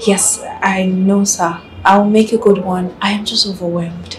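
A woman's voice: medium pitch, fairly even intonation, moderate pace, background noise, natural voice. Woman acting as a nervous secretary, nigerian accent, eager to please, roomy sound. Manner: flustered, stammering and eager to please. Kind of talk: Nollywood film acting.

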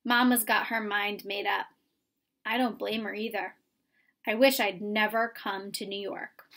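A woman voicing a gentle, downcast male cricket in a storybook reading, soft and dejected. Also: medium pitch, steady tone, measured pace. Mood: glum.

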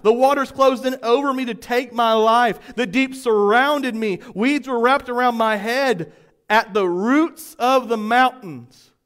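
Pastor, male, high-pitched; dynamic sermon delivery, folksy asides to congregation. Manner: dynamic preaching, swings from loud to hushed; folksy, addresses congregation directly.

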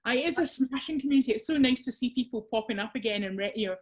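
A woman's voice: a little high, fast. A Scottish woman presenting a workshop over a video call, chatty and self-deprecating with frequent restarts.

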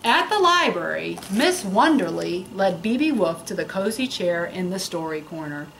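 A woman reading a picture book aloud to children in an expressive storytelling manner. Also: on the low side, normal speed, creaky, slight background noise. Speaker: librarian.

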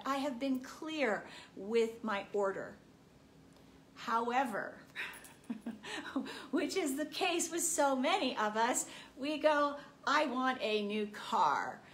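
A woman delivers a spiritual motivational talk with a fairly high voice, taking her time over each phrase. She acts out everyday scenes and laughs often along the way. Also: fairly bright tone, slight background noise. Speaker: spiritual speaker.

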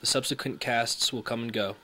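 A man's voice: medium pitch, steady tone, a little fast, bright, forceful tone. A man giving earnest scripted narration for a school documentary.

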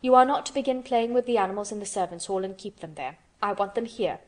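A woman's voice: medium pitch, fast talker, natural voice. Storybook: woman doing a spoiled, imperious boy, lordly and commanding. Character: imperious invalid boy, demanding and excitable.

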